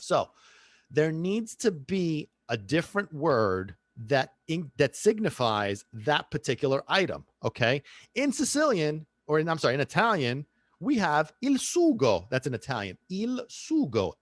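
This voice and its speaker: A man's voice: on the high side, dry recording. A man hosting a solo podcast talks in a loose, joking way and slips Italian phrases into his talk. His voice rises and falls a great deal. It is recorded close and dry, with no room sound. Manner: animated, playful, drops into Italian phrases. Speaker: podcast host. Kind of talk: casual solo podcast rant.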